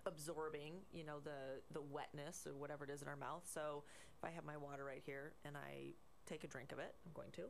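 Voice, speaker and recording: A woman guest on a radio talk show, explaining in a relaxed way with many fillers. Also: sits low, a little fast, vocal fry, slight background noise. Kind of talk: casual radio chat.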